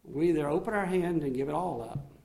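A man preaching a sermon to his congregation, swinging between emphatic raised passages and quiet, low asides. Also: brisk, creaky. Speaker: pastor.

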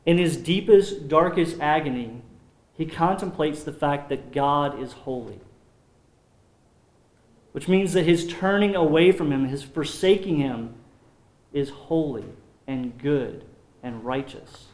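A man preaching a sermon as pastor, earnest and measured, often dropping his voice low on solemn points. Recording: roomy echo.

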